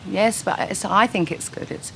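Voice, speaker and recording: Woman, 30s, dry and candid interviewee, bright tone, faint hiss. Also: mid-range voice, moderate pace, creaky. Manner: frank, dry, laughs easily. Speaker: singer being interviewed. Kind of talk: casual quick-fire interview answers. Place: her home.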